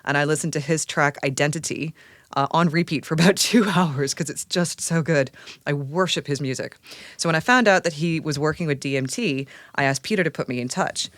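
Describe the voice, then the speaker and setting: Animated woman telling stories, dry sound. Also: sits low, fairly quick, no room sound. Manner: animated, enthusiastic storyteller. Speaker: science writer, podcast guest. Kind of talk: casual podcast conversation.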